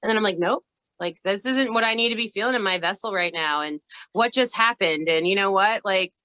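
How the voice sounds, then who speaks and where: A woman co-hosting a spiritual podcast as a healer, speaking earnestly and warmly about self-love in casual chat. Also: mid-range voice, a little fast, dry recording. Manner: earnest, gushing, uplifting.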